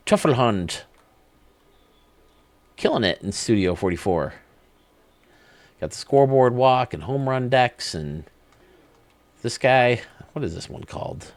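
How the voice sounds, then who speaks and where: A man's voice: on the low side, no echo. A man hosting a video game channel, giving casual, enthusiastic commentary that rambles as he thinks aloud.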